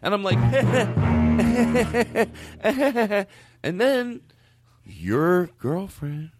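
A man's voice: mid-range voice, a little fast, dry recording, clean studio sound, faint music behind. A man telling a comedic story casually, swearing often and acting out what people said. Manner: animated, profane, acts out quotes.

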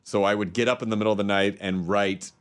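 A man's voice: fairly low pitch, fairly even intonation, smooth. Joking male podcast host. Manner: joking, quick to slip into silly bits. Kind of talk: casual chat.

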